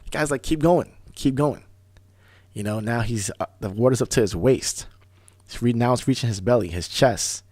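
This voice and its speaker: A man hosting a talk radio show, telling stories in a casual, animated way, often restarting words. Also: mid-range voice, no echo. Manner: animated storyteller, fast bursts, repeats and restarts words. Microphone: studio microphone.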